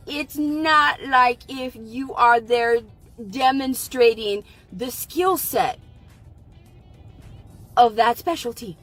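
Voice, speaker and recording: Slow, incredulous high-voiced woman. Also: a bit bright. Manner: incredulous, mocking. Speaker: commentary show co-host. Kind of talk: reaction commentary.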